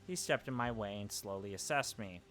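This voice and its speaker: Bright-voiced man reading a game aloud. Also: on the low side, lively intonation, moderate pace, soft background music. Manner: casual, swearing asides. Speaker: let's play streamer. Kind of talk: reading a visual novel aloud with commentary.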